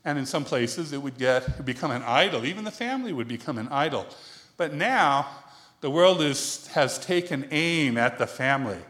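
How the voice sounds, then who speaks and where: A man's voice: mid-range voice, lively intonation, normal speed, a bit bright. A man giving a conversational sermon to a congregation, chatty and self-deprecating, laughing often and asking the room questions. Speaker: preacher.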